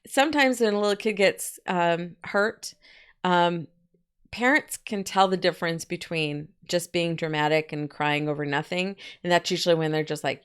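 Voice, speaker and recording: A woman walks a class through a poem in a loose, chatty teaching voice, full of asides. Her voice sits fairly low for a woman, and she explains the lines plainly. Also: moderate pace, smooth. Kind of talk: poetry lesson, casual explaining.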